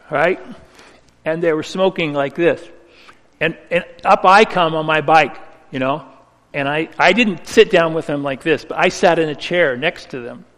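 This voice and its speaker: A man preaching a sermon, telling a personal story earnestly with slow, emphatic phrasing. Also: on the high side, a bit bright. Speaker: pastor. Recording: reverberant hall.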